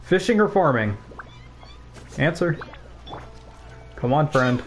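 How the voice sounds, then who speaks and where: A man's voice: on the high side, very animated, slow pace, faint music behind. A young man of about nineteen, a game streamer, chatting casually and telling a school story while he plays, rambling with swearing and laughing asides. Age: young adult, about 19.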